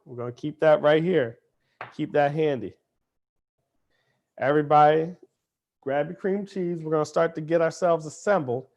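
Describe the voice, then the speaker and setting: A man's voice: on the high side, moderate pace, long pauses, a little mellow, lo-fi sound. A man, a dad, hosting a live cooking lesson for kids, chatty and upbeat, talking straight to the children and their parents. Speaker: cooking show host.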